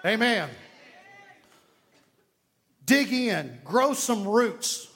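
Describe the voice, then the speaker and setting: A man's voice: sits high, sing-song, very slow, a bit bright. A man with an East Texas accent preaching a sermon as pastor, emphatic and folksy, repeating key lines and telling jokes. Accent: Southern US, East Texas.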